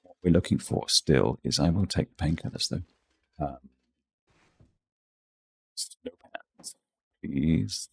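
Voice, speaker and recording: Very deep, gravelly man playing a game. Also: normal speed. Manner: rambling, self-correcting, thinking aloud. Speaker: gaming channel host. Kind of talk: casual let's-play commentary.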